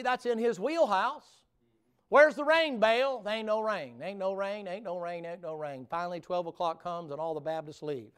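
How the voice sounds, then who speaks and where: A man preaching at a revival in a church. He talks in a homespun, joking way, then builds to fervent preaching in front of the congregation. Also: fairly high pitch. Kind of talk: folksy revival sermon. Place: church sanctuary before a congregation.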